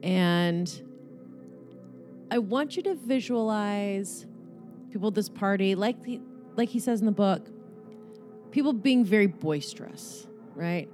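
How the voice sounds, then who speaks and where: A woman's voice: mid-range voice, lively intonation, takes it slowly, pauses often, a little mellow, faint music behind. A woman guiding a meditation in a loose, joking way, swearing freely as she talks. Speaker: meditation guide. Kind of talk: guided meditation talk.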